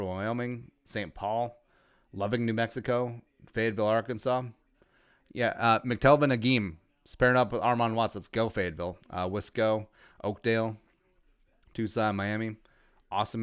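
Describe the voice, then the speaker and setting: Laid-back man, smooth low voice. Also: dry recording, clean studio sound. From Minnesota. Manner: laid-back, wry, reads out shout-outs with quick jokes. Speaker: podcast host. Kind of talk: casual livestream chat.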